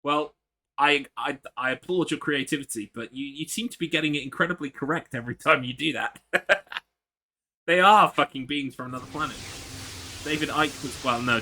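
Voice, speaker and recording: A man's voice: a little high, expressive, brisk, sharp tone, a little hiss or hum. A man, giving casual commentary while streaming a game and chatting with viewers in a wry, sweary way.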